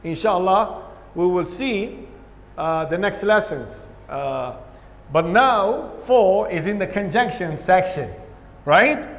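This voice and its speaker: Slow, high-voiced Somali-accented teacher in an echoey room. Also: male voice, expressive. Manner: asks questions and answers them himself, repeats words. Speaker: English teacher. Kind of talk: classroom grammar lesson. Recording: echoey room with long reverb.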